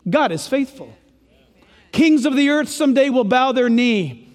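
A pastor with a strikingly high voice preaches in a big hall, and his words ring out with a long echo. He mixes scripture with jokey, animated asides. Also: moderate pace. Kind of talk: sermon.

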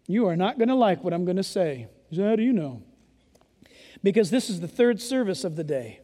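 Man preaching a sermon, very high voice, emphatic and at times yelling, long church reverb. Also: animated, fast. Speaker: pastor. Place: church sanctuary during a service.

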